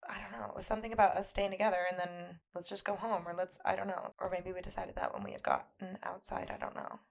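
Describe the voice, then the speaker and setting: A woman's voice: medium pitch, flat delivery, fast talker, creaky. A young woman co-hosting a casual chat podcast, often chiming in with short reactions and laughter. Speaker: podcast co-host.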